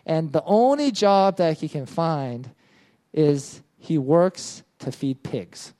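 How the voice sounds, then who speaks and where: Conversational man preaching with mellow tone. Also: a little high, animated, slow pace. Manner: conversational, asks questions and answers them, keeps saying "right?". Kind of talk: casual sermon retelling a parable.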